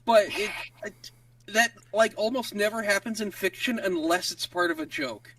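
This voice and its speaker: A man with a very high, gravelly voice chats casually on a podcast, rambling and peppering his sentences with "like". He sits set back from the mic in a dry-sounding recording. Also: expressive, moderate pace, a bit bright, dry recording, far from the mic. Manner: rambling, lots of "like".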